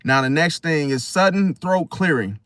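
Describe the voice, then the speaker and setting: A man hosting a casual astrology talk, animated and slangy, often acting out other people in high voices. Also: moderate pace, no echo. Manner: slangy, addresses listener as bro. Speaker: astrology video host. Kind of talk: casual spoken monologue.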